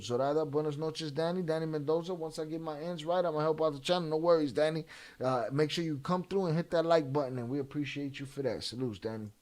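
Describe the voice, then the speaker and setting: A man hosting a casual livestream, reading chat shout-outs in slangy, profane talk and flaring into heated rants. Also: a little high. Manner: flares up into heated, cursing rants. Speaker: livestream host.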